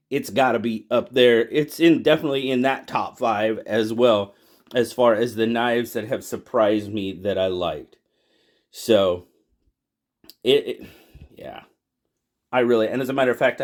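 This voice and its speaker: A man hosting a casual knife collection video, talking in a relaxed, rambling way that often repeats and restarts. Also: medium pitch. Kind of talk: casual product review talk.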